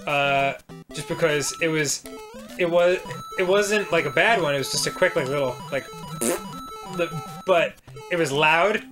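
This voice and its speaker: A man's voice: a little high, a little slow, pauses often. A man co-hosting a casual let's-play, chatting and laughing a lot while game music plays. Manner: giggly, animated, breaks into laughter often. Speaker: co-host.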